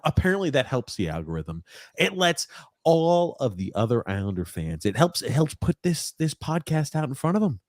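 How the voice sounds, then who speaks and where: An energetic male podcast host whose pitch swings widely as he chats. He talks casually and swears now and then, and his voice is dry and close, with no room sound. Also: no echo.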